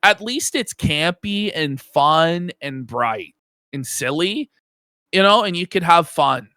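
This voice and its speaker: A man co-hosting a casual podcast panel, ranting with heavy profanity and mock sermon-like jabs. His voice is bright and forceful, a little higher than most men's, recorded dry and close with no room sound. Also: animated, slow pace, no echo. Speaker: podcast co-host. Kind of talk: casual panel chat reacting to a video.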